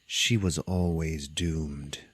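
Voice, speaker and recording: A commanding undead mummy queen, put on by a man, purring her words slowly and deep. Her voice sits low and close, recorded dry with no room sound. She is menacing and seductive, demanding and coaxing. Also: steady tone, breathy edge, no echo, full character voice. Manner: slow, low, drawn-out delivery.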